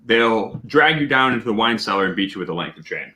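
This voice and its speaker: A man hosting a casual whiskey tasting livestream, talking loudly, greeting viewers and laughing often. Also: lowish voice, fast. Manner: loud and animated, laughs often. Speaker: host of a whiskey tasting stream.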